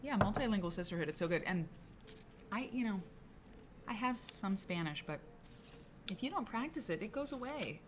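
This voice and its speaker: A woman's voice: medium pitch, expressive, moderate pace, long pauses, background noise. A woman hosting a casual co-working live stream from her office, rambling and chatting with viewers by name. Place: her office, late at work.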